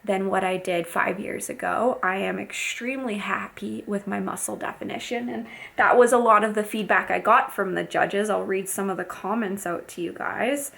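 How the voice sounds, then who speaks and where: A woman's voice: mid-range voice, moderate pace, creaky, a bit bright. A woman who coaches fitness and competes in bikini shows, talking openly and casually to her viewers in a vlog. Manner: candid and open, chatty with fillers.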